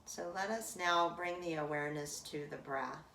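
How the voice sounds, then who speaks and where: A woman leading a guided breathing meditation in calm, drawn-out phrases with long pauses. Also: sits low, gravelly, a little hiss or hum. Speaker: meditation teacher. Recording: roomy echo from a distant mic.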